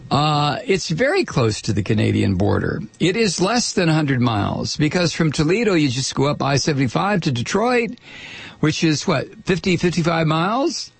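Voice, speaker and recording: Sarcastic talk radio guy ranting, lively swoopy pitch, husky, dry sound. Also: dry recording. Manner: sarcastic, incredulous, rambling with restarts. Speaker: radio talk show host. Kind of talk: opinionated talk radio monologue.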